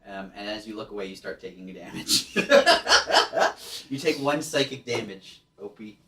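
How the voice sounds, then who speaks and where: A man's voice: lowish voice, expressive, measured pace, sharp tone, roomy sound, distant mic. A man narrating a tabletop game as game master, hesitant with many ums and restarts.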